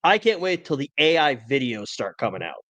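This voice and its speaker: A man's voice: mid-range voice, very animated, normal speed, sharp tone. A man hosting a casual college football podcast, talking in a wry, opinionated way. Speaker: podcast host. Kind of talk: casual sports talk.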